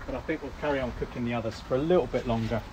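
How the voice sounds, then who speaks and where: A man's voice: mid-range voice, rapid-fire. A man hosting a casual live cooking show, chatty and rambling with plenty of ums. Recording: faint background noise.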